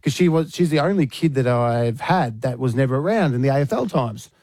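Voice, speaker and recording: A man's voice: medium pitch, brisk, no room sound. An Australian man hosting a radio show, chatting casually and telling a story with lots of laughs on a studio mic. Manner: animated storyteller, laughs often. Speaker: radio host.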